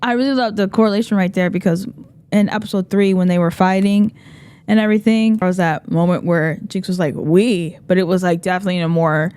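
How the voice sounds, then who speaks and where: A woman's voice: fairly low pitch, clear, resonant tone, dry recording. A young woman hosting a casual reaction video, exclaiming and talking to viewers as she watches. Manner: excitable, exclaiming.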